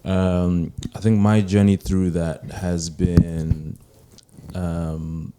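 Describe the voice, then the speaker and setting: Low-voiced male guest, laid-back anecdotal delivery, echoey noisy room. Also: very slow. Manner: relaxed storytelling, soft hesitant fillers. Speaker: podcast guest. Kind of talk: casual conversation. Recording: echoey room with background noise.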